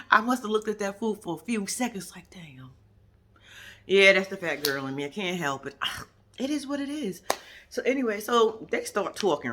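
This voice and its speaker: A woman talks through a reality episode in a casual vlog. She is sassy and profane, with a very lively pitch that leaps as she acts out what the cast said. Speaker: reality TV commentator.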